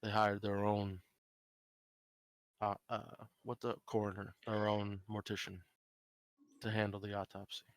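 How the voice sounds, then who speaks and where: A man's voice: flat delivery, measured pace, pauses often, no room sound. A man doing a weary small-town police chief. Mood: guarded. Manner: low-key, guarded, drops to quiet asides. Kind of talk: tabletop role-play character voice.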